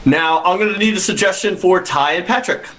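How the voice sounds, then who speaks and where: A man's voice: sits high, brisk, fairly bright tone. A man hosting an online improv comedy show, upbeat and loose, explaining games and taking suggestions.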